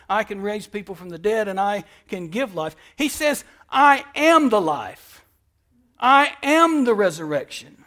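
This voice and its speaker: A man with a high voice preaches from a church pulpit. He drives his points home with repeated phrases and lets his volume swell and fall as he goes. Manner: preaching with emphatic repetition, swinging between soft and loud. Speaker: pastor. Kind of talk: sermon.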